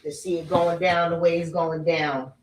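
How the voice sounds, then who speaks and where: A woman's voice: on the low side, little pitch movement, moderate pace, slight background noise. A woman giving a casual, ranting commentary, blunt and profane, hammering her points home by repeating them. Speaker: spiritual messenger and celebrity commentator. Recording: roomy echo, distant from the mic.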